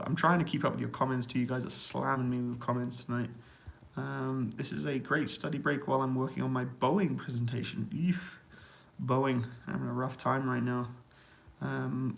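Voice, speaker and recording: A man with a noticeably gravelly, fry-tinged voice chats casually with his viewers during a live stream. He reads their comments aloud and answers in a relaxed, easygoing way, laughing often, from a small indoor room in army accommodation. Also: mid-range voice, poor audio. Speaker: YouTuber answering live chat.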